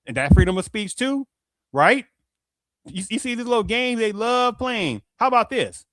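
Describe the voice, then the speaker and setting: High-voiced man in a fast rhetorical rant. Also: very animated, fairly bright tone, no echo. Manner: rhetorical, repeats "right?" and "do you understand that?". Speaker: show host. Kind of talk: casual commentary monologue.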